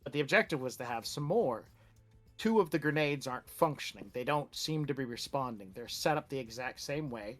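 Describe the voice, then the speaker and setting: A man's voice: mid-range voice, lively intonation, fairly quick, faint music behind. A man narrating a tabletop role-playing game as game master, in a loose, casual way with many fillers.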